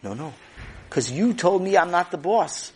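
A man's voice: sits high, animated, unhurried, a little mellow, breathy edge, exaggerated voice. A kindly, flustered manager from a storybook tale, voiced by a man. He stammers and repeats himself as he talks. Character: flustered middle-aged male manager, kindly.

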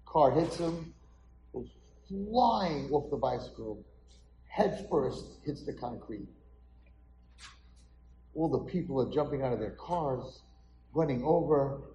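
A man's voice: medium pitch, expressive, slow, long pauses, mellow, dull audio, slight background noise. A man, a rabbi, dramatically telling a story in a sermon at an event hall. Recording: echoey hall.

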